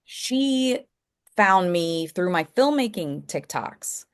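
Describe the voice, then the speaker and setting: Female podcast guest, animated and effusive, with lots of melodic movement. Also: lowish voice, takes it slowly, clean tone. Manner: effusive and animated, laughs often. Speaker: guest, film company marketing executive. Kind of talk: casual podcast chat.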